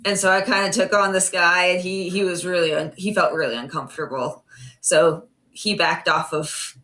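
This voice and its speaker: A woman's voice: on the low side, steady tone, normal speed, fairly bright tone. A young woman, a player in a tabletop game, telling stories in a laid-back, easygoing way. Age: young adult. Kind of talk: casual storytelling.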